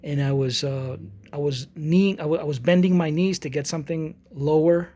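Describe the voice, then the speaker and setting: Speaking at a normal pace in a mellow voice on the high side, with fairly even intonation, a forties-aged artist chats to his channel. He rambles, restarting and repeating words, and plays both parties in an argument while telling a story.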